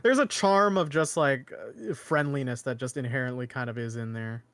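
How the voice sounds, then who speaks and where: A man from Canada co-hosting a podcast, talking in a rambling, animated way with many restarts. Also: mid-range voice, moderate pace, no room sound. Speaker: podcast co-host. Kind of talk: casual chat.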